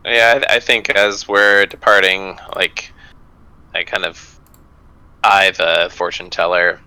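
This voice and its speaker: A man's voice: deep voice, little pitch movement, takes it slowly, pushed and bright, clear, resonant tone, dry recording, poor audio. A man playing a tabletop game, describing his character in a thoughtful, easygoing way. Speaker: player.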